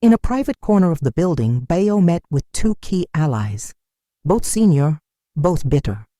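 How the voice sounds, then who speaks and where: A narrator reading a dramatic story in a steady, scripted storytelling style. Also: mid-range voice, normal speed, dry recording, clean studio sound.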